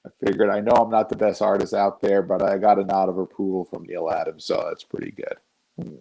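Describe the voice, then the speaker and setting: Deep husky-voiced man telling a story. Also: fairly quick, low-quality recording. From Northern New Jersey. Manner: relaxed, anecdotal, self-deprecating. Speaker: guest artist. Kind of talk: casual storytelling.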